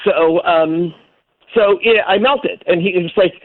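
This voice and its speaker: A man with a fairly high voice tells an animated story and acts out the people he quotes. He comes through a tinny phone line, and the sound is dry, with no room echo. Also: a little slow. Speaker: guest architect. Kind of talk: storytelling on a radio call-in show.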